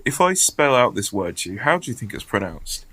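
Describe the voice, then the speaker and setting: A man's voice: mid-range voice, big pitch swings, a little fast, fairly bright tone, husky. A man co-hosting a podcast, teasing his friends and laughing often. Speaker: podcast co-host. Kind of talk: casual chat.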